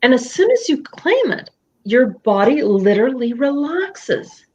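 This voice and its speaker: A woman's voice: sits high, big pitch swings, a little slow, a little mellow, husky, lo-fi sound. A woman coaching a client in a live session from her home office, talking expressively and acting out quoted thoughts in other voices. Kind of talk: candid coaching conversation.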